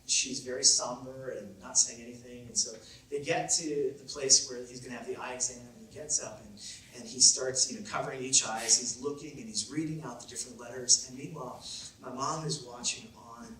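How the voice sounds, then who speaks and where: A man's voice: mid-range voice, steady tone, a little fast, pushed and bright. A man preaching a sermon as a pastor, telling a personal story in a conversational way with frequent fillers. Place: church auditorium. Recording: very echoey church hall, mic at a distance.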